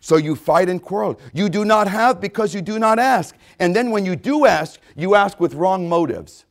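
Male pastor, slightly high voice, emphatic sermon delivery. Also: expressive, moderate pace. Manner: emphatic preaching with repetitions and quoted voices.

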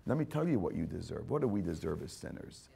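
Animated, fervent male preacher. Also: sits low, fast talker, vocal fry, husky. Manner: fervent, repetitive, emphatic preaching that swings between hushed and loud; speaks directly to listeners as "my friend". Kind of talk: sermon.

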